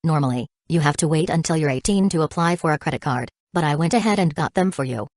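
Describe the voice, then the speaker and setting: A woman voices a selfish drunken father in an audiobook, a grumbling, ranting man, pitched low and dry as if read close to the mic. He whines and blusters through a sour, boozy temper. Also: fast talker, a little mellow, no room sound, close to an everyday voice. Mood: wheedling.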